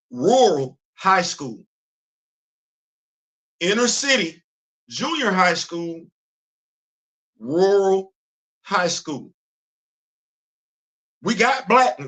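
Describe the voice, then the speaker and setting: Over a streaming mic, a middle-aged Bronx show host runs a casual monologue, his high, bright voice pushing with force. He keeps looping back to his points, restarting and repeating, talking emphatically in street slang with a conversational feel.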